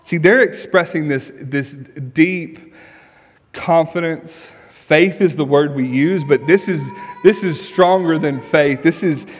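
A man's voice: a little high, slow pace, breathy edge. A male pastor preaching a sermon in an earnest, emphatic way, asking rhetorical questions. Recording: long reverb of a large hall.

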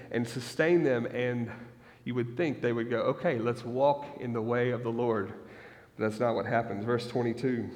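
A male pastor in his thirties delivers a sermon, moving between measured scripture reading and quick, joking asides to his listeners. His voice sits at an ordinary middle pitch for a man. It carries a long reverb, as if filling a large church sanctuary. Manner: reads scripture then breaks into lively asides.

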